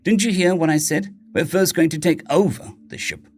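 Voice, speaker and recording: A man voicing a cheerful, brisk young woman who rescues alien abductees. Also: fairly high pitch, voice pushed up, lightly acted.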